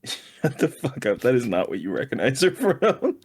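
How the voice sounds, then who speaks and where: A young man in casual podcast chat with a middle-pitched voice. He laughs often and curses offhandedly as he talks. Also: wildly swooping pitch, moderate pace, darkish tone, slightly rough. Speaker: podcast co-host.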